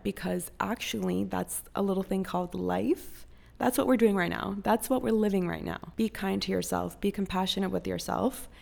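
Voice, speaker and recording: A woman's voice: mid-range voice, creaky. A young woman from Costa Rica hosting a podcast, giving casual motivational advice in a frank, profane, pep-talk manner. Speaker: podcast host.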